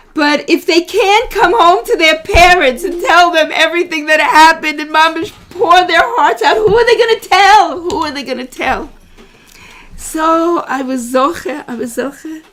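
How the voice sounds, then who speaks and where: A middle-aged woman, a rebbetzin, giving a heartfelt religious class to a small room, emotional and fond of repeating her phrases. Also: high-pitched. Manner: emotional, repeats phrases, warmly greets arrivals.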